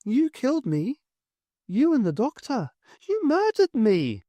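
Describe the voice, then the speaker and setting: An eerie possessed child in a dry, close audiobook read, the voice pushed up high and thin. It speaks calmly and accuses without raising itself, as a male reader puts it on. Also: a little slow, no echo, full character voice. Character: possessed small boy speaking as dead girl.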